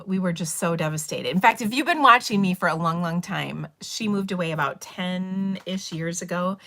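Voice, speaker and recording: A woman's voice: lowish voice, a bit bright. A middle-aged woman, hosting a live stream and chatting casually, rambling through stories with laughs and fillers. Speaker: livestream host. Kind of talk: casual chat.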